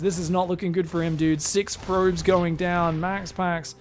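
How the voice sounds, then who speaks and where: A man casting a strategy game on his own, talking casually through each move and breaking into loud excited bursts. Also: sits high, unhurried, soft background music. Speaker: esports caster. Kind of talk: solo play-by-play game commentary.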